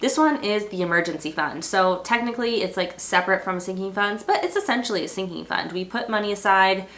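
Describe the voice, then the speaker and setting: A woman's voice: mid-range voice, brisk, fairly bright tone, reverberant. A young woman with a stuffed-up, nasal voice, chatting upbeat to camera about her family's money. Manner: chatty, upbeat, rambling with fillers. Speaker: personal finance vlogger. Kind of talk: casual talk to camera.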